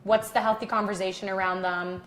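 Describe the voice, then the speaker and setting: A woman speaks as a naturopathic doctor co-hosting a live health debate. She explains in an animated way and greets viewers as she reads their comments. Her voice carries a roomy studio echo over a faint ambient hum. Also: medium pitch, a little fast.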